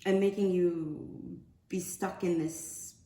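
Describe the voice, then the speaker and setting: A woman's voice: fairly low pitch, fairly even intonation, slow, dark tone. A woman giving a casual oracle card reading. She talks in a loose, rambling, slangy way. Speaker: spiritual card reader. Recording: echoey room with faint ambient noise.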